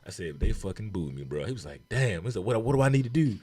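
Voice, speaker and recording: A young man from Baltimore with a Baltimore accent, telling a profane, animated story on a casual podcast. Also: on the low side, very fast, husky. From Baltimore, USA. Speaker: comedian guest.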